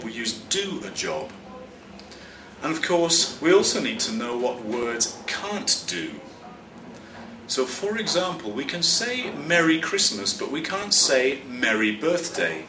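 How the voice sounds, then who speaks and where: A man from London, a teacher explaining vocabulary in a clear, measured lesson, stressing key words. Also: mid-range voice, recorded from a distance, noisy background. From London, England. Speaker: English teacher and teacher trainer. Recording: roomy echo, slightly off-mic.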